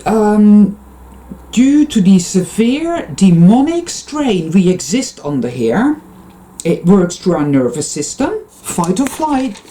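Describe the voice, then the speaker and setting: A woman's voice: medium pitch, sing-song, slow, mellow, rough recording. A woman giving an impassioned, unscripted spiritual monologue to her viewers, swearing freely and often stopping and restarting her sentences. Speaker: spiritual vlogger.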